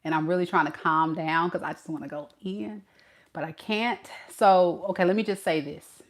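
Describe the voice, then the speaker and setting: A woman giving a tarot reading to her viewers, blunt and animated, talking straight to them as y'all. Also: fairly low pitch, normal speed. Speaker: tarot reader.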